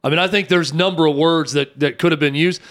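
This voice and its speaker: Fairly high-voiced male sports host. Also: steady tone, fast talker, a bit bright. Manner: asks long, winding questions. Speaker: sports talk show host. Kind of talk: sports talk radio interview.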